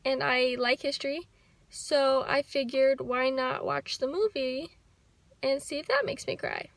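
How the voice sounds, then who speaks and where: A young woman talking to the camera in a personal vlog, soft, heartfelt and reflective. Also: sits high, sing-song, measured pace, vocal fry, dry recording. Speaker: vlogger. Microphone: handheld camera.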